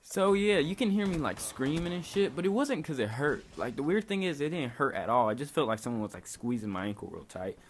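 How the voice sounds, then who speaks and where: A man's voice: medium pitch, very animated, fairly quick, few pauses. A young man casually telling a story on his vlog, laid-back, peppering his talk with "like" and swearing freely. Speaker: vlogger. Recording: faint background noise.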